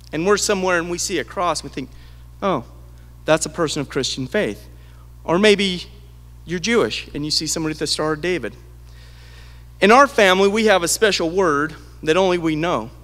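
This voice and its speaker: A middle-aged man giving a eulogy as a lively storyteller, acting out the quoted voices. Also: sits high, fairly quick, big-room sound. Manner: animated, acts out quoted voices. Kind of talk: storytelling at a memorial. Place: large hall at a memorial gathering.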